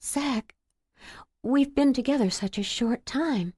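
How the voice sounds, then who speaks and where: A woman's voice: high voice, takes it slowly, mellow, husky, no room sound, clean studio sound, voice pushed up, full character voice. A woman voicing a guarded young woman with a hidden past, speaking hesitantly in a raised, tight voice in a romance audiobook. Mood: anguished. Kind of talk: audiobook character voice.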